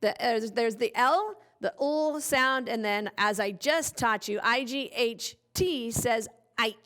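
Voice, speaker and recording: Slow, high-voiced playful woman teacher. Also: expressive, fairly bright tone. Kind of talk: children's phonics lesson.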